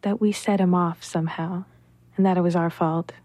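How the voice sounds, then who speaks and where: A woman telling her own story in an interview, soft-spoken and matter-of-fact. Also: on the low side, steady tone, moderate pace, dry recording. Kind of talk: recounting a personal story in an interview.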